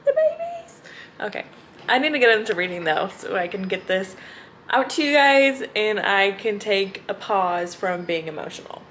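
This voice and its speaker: A woman's voice: mid-range voice, lively intonation, moderate pace, fairly bright tone, a little hiss or hum. Gushing, emotional young woman vlogger. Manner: gushing and emotional, with frequent laughs. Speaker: book vlogger. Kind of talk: casual reading vlog.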